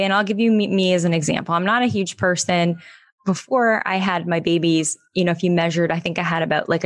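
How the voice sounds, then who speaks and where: A woman guest in her thirties, explaining pelvic health in an energetic, animated casual interview. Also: on the low side, no room sound.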